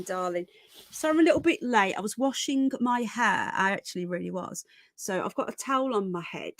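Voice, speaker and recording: A woman's voice: mid-range voice, a bit bright, no echo. A woman hosting a casual livestream from home, chatting and greeting viewers with endearments like darling and sweetheart. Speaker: livestream host.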